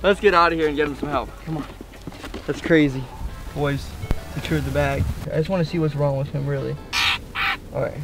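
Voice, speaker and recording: Soft-spoken man with music behind. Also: a little high, steady tone, fairly quick, gravelly, pauses often. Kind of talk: casual vlog talk.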